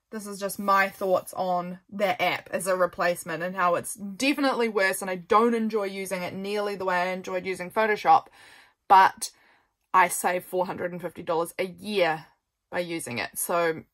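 A woman's voice: fairly low pitch, a bit bright. A young woman chatting casually as she flips through her journal, rambling and correcting herself as she goes. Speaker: journaling vlogger.

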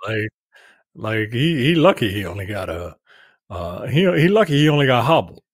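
A man co-hosting a film review podcast, talking in a halting way with many restarts. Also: lowish voice, breathy edge, no room sound, clean studio sound. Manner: halting, restarts a lot, animated. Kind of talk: casual movie discussion.

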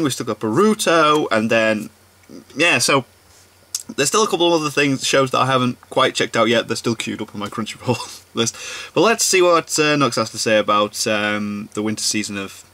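Chatty male reaction host, bright tone, loose and filler-heavy delivery. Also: medium pitch, normal speed. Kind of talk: casual reaction commentary.

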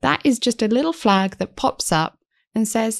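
A woman's voice: on the high side, moderate pace, creaky, no echo, studio quality. A woman guest psychotherapist talking in a podcast interview, earnest and reflective, restarting her sentences often.

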